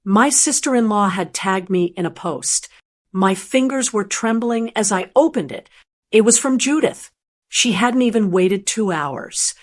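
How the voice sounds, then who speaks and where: An older woman narrating a first-person story in a calm, measured, plainspoken way. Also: medium pitch.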